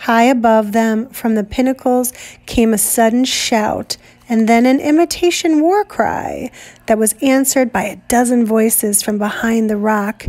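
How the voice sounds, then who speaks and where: A woman's voice: a little high, a little mellow. Woman teacher reading a novel aloud. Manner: measured, deliberate storytelling.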